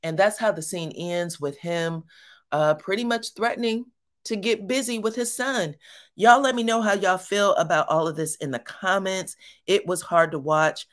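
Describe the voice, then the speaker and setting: Woman host, conversational reality-TV recap, chatty and informal, mid-pitched. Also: moderate pace. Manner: chatty, colloquial, addresses viewers as y'all. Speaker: reality TV commentator. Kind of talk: casual recap commentary.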